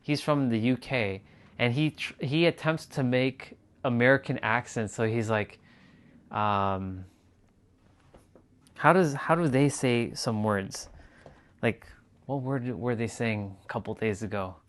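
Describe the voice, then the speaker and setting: A man's voice: medium pitch, a little slow. A man chatting casually to viewers on his live stream, rambling and repeating himself as he talks. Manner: rambling, repeats phrases and restarts. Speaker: livestreamer.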